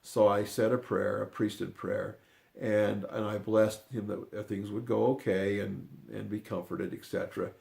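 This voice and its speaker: An older man telling a personal story in a rambling, unscripted way, often restarting his sentences and dropping into quiet asides. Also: lowish voice, level tone, a little slow, creaky. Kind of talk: casual spoken storytelling.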